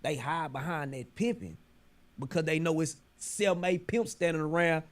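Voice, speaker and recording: A man's voice: a little high, normal speed. A man speaking bluntly in profane street talk.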